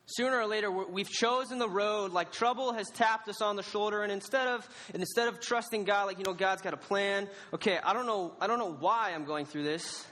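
A young man preaching a casual, storytelling sermon as a youth pastor, animated and laughing at himself. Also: sits high, a little fast, hardly any pauses. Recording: reverberant hall.

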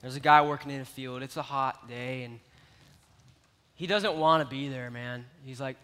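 A man preaching a sermon, telling a parable with lively, animated storytelling that swings between loud and quiet. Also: medium pitch, moderate pace, clean tone. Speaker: youth pastor. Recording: long reverb of a large hall.

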